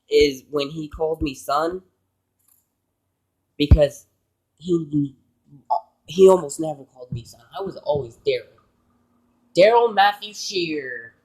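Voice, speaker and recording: A man's voice: a little high, a little slow, creaky, long pauses, darkish tone, poor audio. Earnest man telling a personal story. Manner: earnest, emotional, rambling. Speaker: vlogger.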